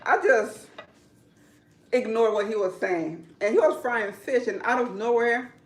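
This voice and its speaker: A woman who works as a hairdresser, telling a story in casual talk, animated and repetitive, often breaking into laughter. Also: fairly high pitch, unhurried. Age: adult. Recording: roomy, from a distance.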